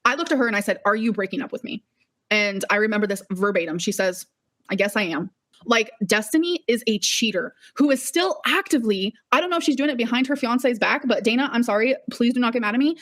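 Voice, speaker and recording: A young woman speaking on a live-stream vlog, talking quickly in a heated, repetitive rant full of swearing. She sounds shaky and upset. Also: on the high side, fairly bright tone. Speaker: vlogger.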